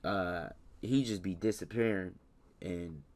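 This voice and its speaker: A man giving casual let's-play commentary on a game, talking to the characters, slangy, with loud scolding bursts. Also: low voice, slow pace. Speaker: gaming YouTuber.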